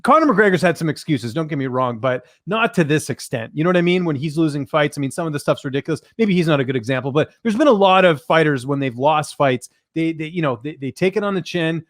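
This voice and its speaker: A man hosting a casual combat-sports podcast, chatty and quick, often restarting his sentences. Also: fairly high pitch, expressive, no room sound, clean studio sound. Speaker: podcast host.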